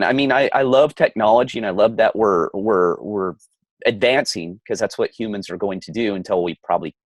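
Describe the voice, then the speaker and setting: A middle-aged man with a low-pitched voice co-hosts a podcast, ranting heatedly in casual chat and stammering into frequent restarts. The recording has no echo.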